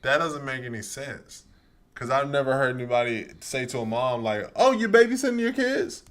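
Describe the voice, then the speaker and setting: A young man co-hosting a casual podcast, talking in a relaxed way and often restarting his sentences. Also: medium pitch, moderate pace. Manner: laid-back, repeats himself when he starts a sentence. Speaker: podcast co-host.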